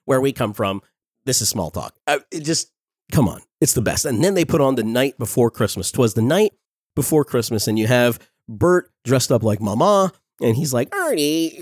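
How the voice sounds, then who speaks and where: A man in his forties giving a casual, enthusiastic review, talking quickly and laughing often. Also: mid-range voice, no room sound, clean studio sound. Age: 40s.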